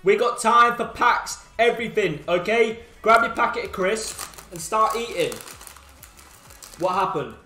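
On a live stream, a young man with a high voice opens packs while bantering with chat, teasing his viewers and shouting suddenly now and then. He talks a little slowly, his voice echoing around a roomy space as game music plays faintly underneath.

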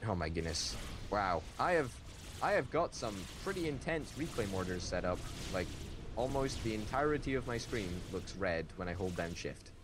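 A man chatting casually while playing a strategy game, self-mocking and prone to sudden excited jumps in pitch. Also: moderate pace. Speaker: game commentator. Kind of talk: casual gameplay commentary. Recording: background hiss.

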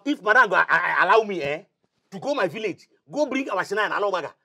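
A loyal, excitable household helper with a Nigerian Pidgin accent who boasts and laughs as she talks. Her voice is gravelly and bright with a husky edge. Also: medium pitch, quick pace, exaggerated voice. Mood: excited. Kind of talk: Nollywood film acting.

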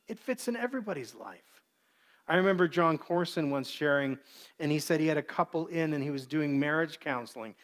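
A man preaching a sermon as pastor, earnest, briefly acting out the voices he quotes. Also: on the high side.

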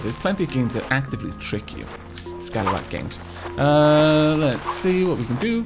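A man's voice: a little high, a bit bright. A man hosting a casual let's play, chatting as he goes in a self-mocking way and stammering as he restarts his sentences. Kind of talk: casual gameplay commentary.

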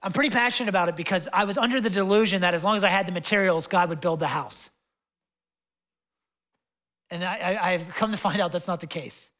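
Young guy pastor preaching, super casual and chatty, lots of "like", gets fired up then goes quiet, passionate. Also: sits high, brisk. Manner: conversational preaching with fillers and asides; passionate, swings between loud and hushed. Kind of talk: sermon.

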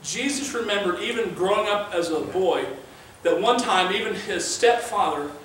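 His voice high and a bit bright, the pastor keeps a moderate pace through a heartfelt, conversational sermon threaded with scripture. There is slight background noise, strong room echo, and a far-off microphone.

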